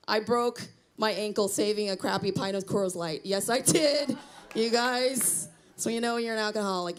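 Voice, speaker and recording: A middle-aged woman doing a self-deprecating stand-up comedy set on a small theater stage, chatting with the crowd. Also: on the high side. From Cambodian heritage.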